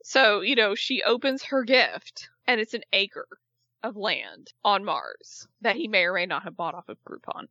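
A woman co-hosting a casual chat, recapping a show with lively retellings and quoted voices. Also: medium pitch, a little slow, dry recording, highs cut off. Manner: animated retelling, acting out the people she quotes. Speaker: podcast co-host recapping a reality show.

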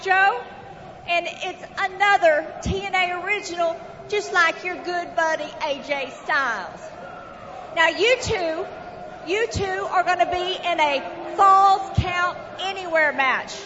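A woman's voice: very high voice, noisy background. A woman with a Southern US accent, owner of a wrestling promotion, laying out matches and calling the men darling and honey. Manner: bossy, sprinkles in darling and honey. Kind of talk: wrestling promo in front of a live crowd. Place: arena. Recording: muffled arena broadcast with loud crowd.

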